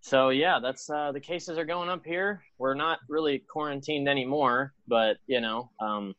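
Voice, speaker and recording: Laid-back podcast co-host. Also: male voice, mid-range voice, unhurried, fairly bright tone, no room sound, lo-fi sound. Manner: loose, joking, easygoing. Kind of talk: casual chat.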